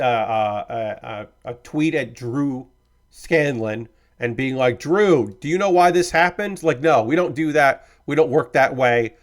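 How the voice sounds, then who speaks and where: A man hosting a live stream in casual chat, rambling and hedging, easygoing and apologetic, swearing now and then. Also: medium pitch. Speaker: streamer host.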